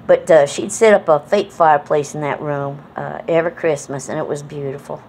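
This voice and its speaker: Speaking a little fast in a low, darkish voice with fairly even intonation, a middle-aged vlogger from New England rambles through casual memories. There's a slight hiss or hum, and her accent combines Southern and New England American with lots of folksy fillers.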